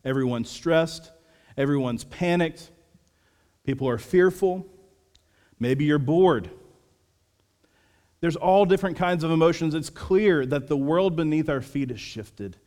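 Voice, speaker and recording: Man, pastor, sermon, earnest, soft quiet passages, slightly high voice, long reverb. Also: unhurried, long pauses.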